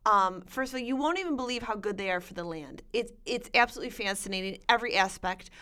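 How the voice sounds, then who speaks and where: A woman's voice: medium pitch, expressive, fast talker, sharp tone, clean tone. A woman co-hosting a casual chat, enthusiastically recommending books. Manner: enthusiastic, gushing. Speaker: podcast co-host.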